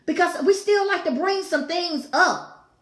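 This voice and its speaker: Fervent high-voiced woman preaching. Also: unhurried, fairly bright tone. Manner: fervent, repeats phrases, exclaims asides. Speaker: talk show host teaching scripture. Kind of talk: preaching-style devotional talk. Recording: echoey room.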